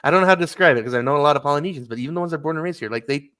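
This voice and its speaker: A man's voice: a little high, very fast, bright, forceful tone. A middle-aged American man in casual chat, rambling and sardonic with lots of fillers. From United States. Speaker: podcast host.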